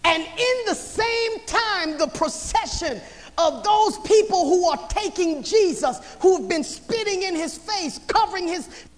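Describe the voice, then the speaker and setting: Very high pitched preacher, slow drawn-out sermon, big echoey church sound, goes from shouting to hushed. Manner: impassioned, swinging between shouted lines and hushed passages; repetitive, rhythmic build-up of phrases. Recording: long hall reverb.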